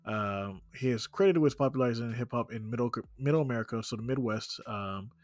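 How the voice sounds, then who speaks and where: Male podcast host, mid-range voice, relaxed chatty delivery full of ums, dry mic. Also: medium pitch, a little fast, no room sound. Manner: easygoing, laughs often, many ums. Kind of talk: casual chat.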